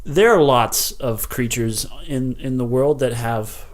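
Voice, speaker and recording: A man's voice: medium pitch, slow pace. Young male podcast co-host, wry and jokey, easygoing review banter. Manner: sarcastic, joking, laughs often. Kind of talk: casual movie review chat.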